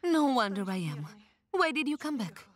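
A woman's voice: fairly high pitch, very animated, moderate pace, fairly bright tone. A woman dubbing a grieving young wife in a TV drama, talking in a tense, defensive way. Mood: startled, defensive. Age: young adult. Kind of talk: dubbed TV drama acting.

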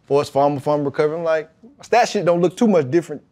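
A pro football player guesting on a podcast tells a personal story in a fairly high voice, talking fast. He's animated, acting out the quoted dialogue, and his relaxed, slang-heavy talk is full of "you know what I mean."

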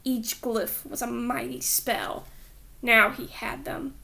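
Woman reading aloud to kids, dramatic storytelling, high voice, gravelly. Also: sing-song, slow pace, bright, forceful tone. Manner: dramatic storytelling, dipping into whispers. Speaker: librarian reading aloud to children. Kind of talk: children's book read-aloud.

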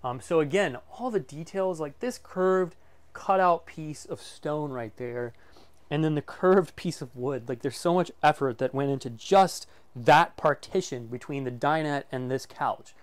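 A man's voice: on the high side, unhurried. A man casually presenting a walkthrough of a motorhome for sale, enthusiastic and full of fillers like "um" and "like". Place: inside a motorhome.

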